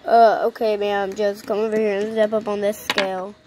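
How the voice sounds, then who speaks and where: A woman voicing a blunt, impatient male animal doctor in an amateur cartoon, with a flat, dismissive, hurried delivery. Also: medium pitch, a little hiss or hum, lightly acted, poor audio.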